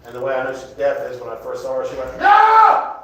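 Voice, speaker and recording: A man's voice: medium pitch, flat delivery, very fast, distant mic, dull audio, slight background noise. A man with a Southern US accent doing a rambling stand-up comedy set, often laughing at his own jokes. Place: comedy club, indoors. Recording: echoey club room, live crowd.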